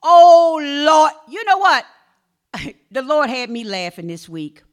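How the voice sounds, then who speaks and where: High bright-voiced preaching woman pastor. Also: sing-song, measured pace. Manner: preaching with swings between soft storytelling and shouted exhortation. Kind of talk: sermon.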